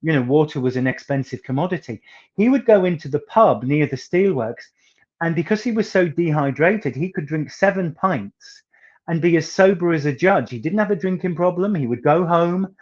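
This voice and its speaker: An animated singer from northeast England, soft of accent and on the high side in pitch, shares anecdotes as an interview guest at normal speed. He leans on words theatrically, and the audio sounds dull.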